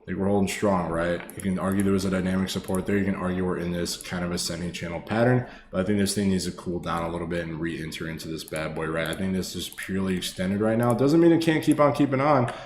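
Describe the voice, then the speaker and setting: A man's voice: deep voice, fairly even intonation, fast, hardly any pauses, noisy background. A man casually talking viewers through stock charts on a live stream, swearing freely and calling them brother and boss. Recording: echoey room with faint ambience.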